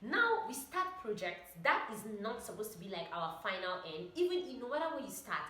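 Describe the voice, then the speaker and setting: Lively, bright-voiced woman vlogger. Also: medium pitch, fairly quick, slight background noise. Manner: animated, chatty, full of "like" and "oh my God". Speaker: vlogger and trainee pilot. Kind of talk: motivational casual talk to camera. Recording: echoey room.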